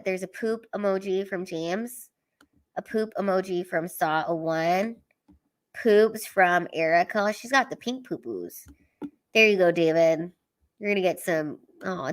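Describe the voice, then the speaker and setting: Profane woman hosting a late-night stream. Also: lowish voice. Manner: blunt, profane, earnest pep talk. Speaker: live stream host reading chat. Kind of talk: casual live stream chat.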